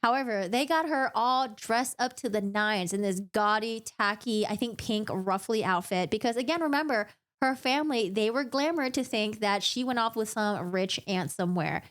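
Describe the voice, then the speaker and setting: A young woman in a casual book recap, chatty, animated and jokey. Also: a little high, moderate pace, hardly any pauses. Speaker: book vlogger.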